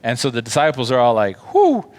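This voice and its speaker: A man's voice: mid-range voice, a little fast. A man telling a Bible story to children in a casual, slangy way, acting out the quotes. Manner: chatty, slangy, acts out quotes. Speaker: children's ministry teacher.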